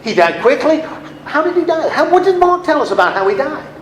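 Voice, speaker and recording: A man's voice: very high-pitched, big pitch swings, a little fast, fairly bright tone. A man leading a Bible study class, asking his listeners questions and then answering them himself. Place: room with a small class. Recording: echoey room with faint noise.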